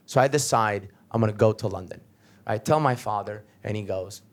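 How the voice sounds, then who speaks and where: On a club stage, a young Portuguese man performs stand-up, telling lively stories and often tossing in "right?" asides. His voice is mid-range and his delivery brisk.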